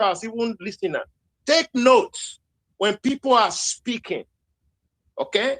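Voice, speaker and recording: A man's voice: high voice, a bit bright. A man with a Nigerian accent, speaking heatedly and repeating points in a live social media audio chat. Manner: heated, emphatic, repeats himself.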